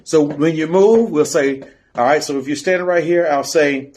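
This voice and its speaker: A man's voice: a little high, normal speed, darkish tone. A man coaching a step team in an instructional video, counting and chanting the beat while he demonstrates. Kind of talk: instructional video teaching drills.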